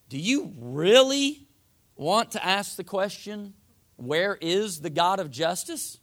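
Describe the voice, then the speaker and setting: A man preaching in a relaxed, homespun way, mixing scripture reading with plain talk and little voiced asides. His voice is gravelly and sits a bit high for a man. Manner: folksy, uses voiced asides for the people. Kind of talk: sermon.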